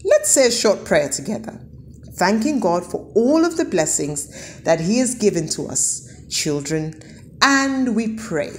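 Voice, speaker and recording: A woman's voice: lowish voice, a little mellow, slight background noise. A woman giving a children's church lesson, asking the kids questions and answering them. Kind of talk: children's sermon.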